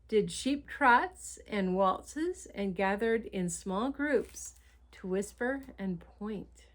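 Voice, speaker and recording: A woman reading a picture book aloud in an expressive, unhurried storytelling manner, with soft asides to the listener. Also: mid-range voice. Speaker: storybook reader.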